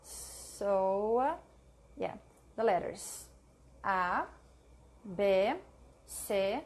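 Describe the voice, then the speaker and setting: A woman reading her study notes aloud, drilling words slowly and stopping to correct her own mix-ups. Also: mid-range voice. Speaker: language learner sharing study notes. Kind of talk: slow read-aloud study session.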